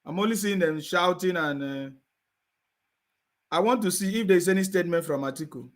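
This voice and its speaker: A political commentator in a heated live-stream rant, his voice pitched high and his pace moderate. He is combative, repeats phrases, and keeps asking his audience, "you understand me?"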